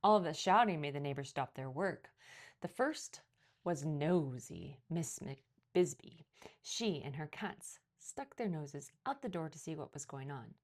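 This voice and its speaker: A woman reading a picture book aloud as a children's librarian, telling the story expressively. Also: unhurried. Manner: expressive storytelling, lively pitch.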